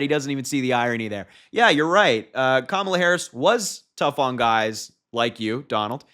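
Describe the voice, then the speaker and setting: Bright-voiced young man mocking politics. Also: mid-range voice, animated, a little slow. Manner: mocking, laughs at his own points. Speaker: political commentator. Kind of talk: casual political commentary.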